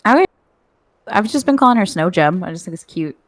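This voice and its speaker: A woman's voice: lowish voice, animated, brisk, no echo. Playful woman streamer. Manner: playful, jokey, reads game text aloud. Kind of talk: casual game stream chat.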